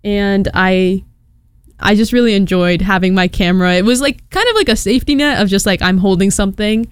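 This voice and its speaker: A woman in her early twenties talking casually on her own podcast, chatty and self-deprecating with quick laughs. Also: mid-range voice, smooth, dry recording, studio quality. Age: 20s. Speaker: podcast host. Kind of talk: casual solo podcast chat.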